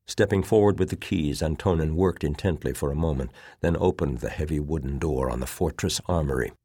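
Low-voiced male audiobook narrator. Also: breathy edge, dry recording, clean studio sound. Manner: steady, measured reading.

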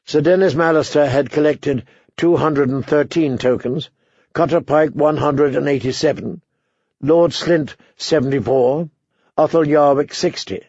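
A male audiobook narrator tells the story steadily in a gravelly voice that is a little husky and sits somewhat high. The recording is dry and slightly dull. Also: a little slow, a little mellow, no room sound. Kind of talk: scripted narration.

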